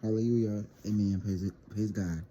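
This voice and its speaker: Rambling teenage guy, low mellow voice. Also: steady tone, normal speed, slight background noise. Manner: rambling, stammers and repeats words, addresses viewers as y'all. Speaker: vlogger. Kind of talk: casual storytime monologue.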